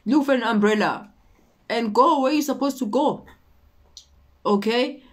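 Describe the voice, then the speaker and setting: A woman's voice: fairly high pitch, a little slow. A woman preaching a motivational sermon, repeating her points and checking in with her listeners. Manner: repetitive, exhorting, often checking in with "okay?".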